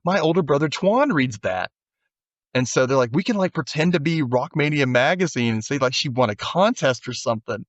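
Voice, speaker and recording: A man's voice: mid-range voice, lively intonation, a little fast, no echo, dull audio. A man co-hosting a podcast, casually recapping an episode and acting out the characters' lines. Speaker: podcast co-host.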